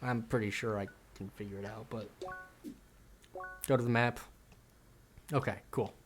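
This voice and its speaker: A man's voice: on the low side, fairly even intonation, moderate pace, soft background music. A man casually commenting while streaming a video game, chatty and self-mocking. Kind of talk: casual let's-play commentary.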